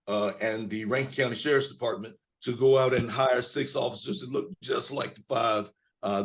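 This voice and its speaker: A man in his fifties from Mississippi, an attorney giving a hoarse, measured press statement over a video call. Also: medium pitch, lo-fi sound. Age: 50s. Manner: measured, with frequent fillers.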